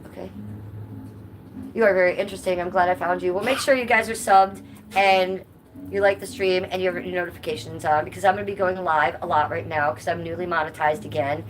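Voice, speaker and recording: A woman's voice: lowish voice, fairly even intonation, fairly quick. A woman live streaming from home, chatting casually and answering her viewers' comments. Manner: chatty, reads chat aloud and answers viewers. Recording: noisy background.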